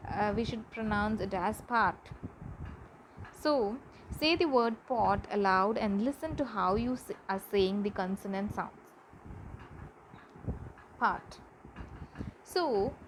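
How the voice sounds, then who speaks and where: A woman's voice: mid-range voice, noisy background. A woman teacher, giving a pronunciation lesson and carefully repeating example words.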